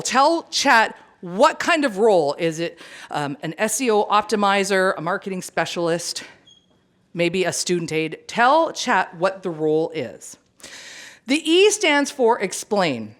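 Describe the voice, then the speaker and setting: A woman presenting at a career event, chatty and animated, joking with the audience. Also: mid-range voice, measured pace. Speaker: conference presenter. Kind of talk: lively seminar talk.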